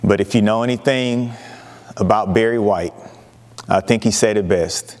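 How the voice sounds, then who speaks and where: A man preaching a sermon, emphatic, with dramatic pauses and lively retellings of scripture. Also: fairly low pitch, in a large hall. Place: church sanctuary.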